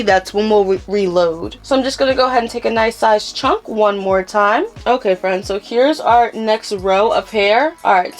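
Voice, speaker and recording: A young woman with a Philadelphia accent giving a casual step-by-step hair tutorial, chatting to viewers as y'all. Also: medium pitch. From Philadelphia, USA.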